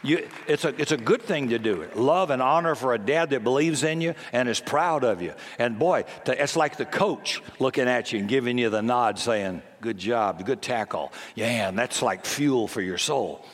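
This septuagenarian preacher uses a mid-range voice at normal speed with few pauses. Folksy and emphatic, he regularly dramatizes the voices he quotes, and the hall adds a long reverb.

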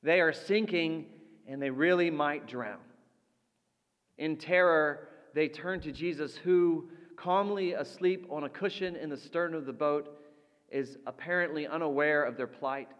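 A man preaching a sermon as pastor, slow and deliberate, letting his voice drop soft for quoted lines. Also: fairly high pitch, smooth, dull audio. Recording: long reverb of a large hall.

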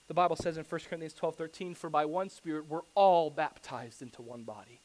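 A man with a fairly high voice preaches a sermon. He quotes scripture and drives his points home with rhetorical questions. His delivery swings from quiet and intimate to loud and urgent. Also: fast talker, hardly any pauses. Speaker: pastor.

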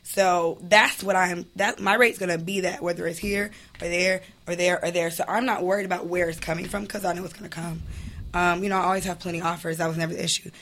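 A woman's voice: lowish voice, fairly even intonation, a bit bright, a little hiss or hum. A woman in her thirties, a guest in a casual interview, telling her story candidly and with emphasis. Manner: candid, emphatic, quick to laugh.

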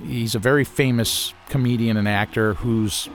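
Man from Ohio recounting a wild true story, lively and conversational, with a mid-range voice. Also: medium pitch, normal speed. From Ohio, USA. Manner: animated, acts out quoted lines with a raised voice. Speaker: interviewee telling a personal story. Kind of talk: casual anecdotal storytelling.

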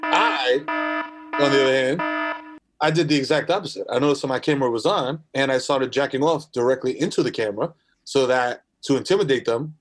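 A man's voice: medium pitch, brisk. A man in casual comedic banter on a video call, crude and joking.

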